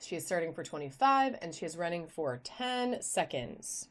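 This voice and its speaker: Very animated and speaking at a normal speed, a woman with a fairly low voice runs a live online auction. Filmed on a phone camera, she chats in a bubbly way and greets viewers by name while showing items.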